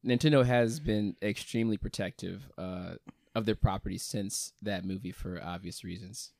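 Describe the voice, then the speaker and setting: A young man hosting a casual podcast, upbeat at the intro and relaxed and joking in the chat. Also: on the low side, normal speed, vocal fry, no room sound, clean studio sound. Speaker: podcast host.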